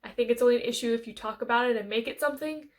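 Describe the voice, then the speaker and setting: An American woman giving an earnest life update on her vlog, halting and thinking aloud with frequent restarts. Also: on the high side, a little mellow. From United States. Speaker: vlogger.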